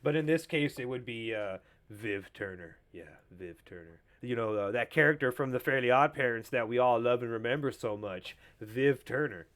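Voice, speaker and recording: A man's voice: medium pitch, normal speed, hardly any pauses, a bit bright. A young man hosting a solo pop culture podcast, ranting in a profane, sarcastic and mocking way. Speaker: podcast host.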